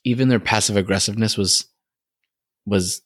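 A man co-hosting a podcast in casual chat, rambling and joking with quick restarts. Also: fairly low pitch, a bit bright, no echo, studio quality. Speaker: podcast co-host.

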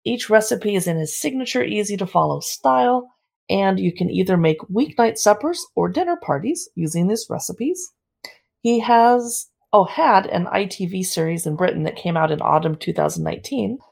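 A woman's voice: mid-range voice, animated, moderate pace, gravelly, darkish tone. A woman from San Diego co-hosting a casual chat, presenting cookbooks in a playful, teasing way. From San Diego, United States. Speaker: co-host reviewing cookbooks.

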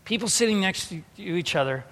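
High-voiced preacher in a reverberant hall. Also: male voice, animated, fairly quick. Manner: storytelling, swinging between quiet reflection and loud emphatic preaching. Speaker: pastor. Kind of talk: sermon.

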